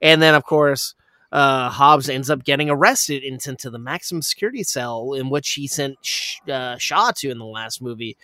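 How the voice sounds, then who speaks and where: A man casually retelling a movie plot in a rambling, profane way, with lots of fillers and quick laughs. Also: medium pitch, pushed and bright, no echo, clean studio sound.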